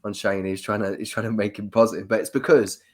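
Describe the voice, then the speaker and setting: A London-accented man co-hosting a laid-back sports podcast. His voice is fairly low for a man, and he rambles through playful rants, piling up asides as he goes. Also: little pitch movement, fast. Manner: rambling, jokey ranting. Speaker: podcast co-host. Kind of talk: casual sports chat.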